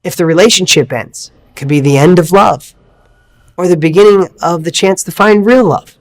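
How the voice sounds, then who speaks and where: A man giving an energetic motivational coaching talk, emphatic and full of repeated questions. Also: high-pitched, moderate pace. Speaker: motivational speaker.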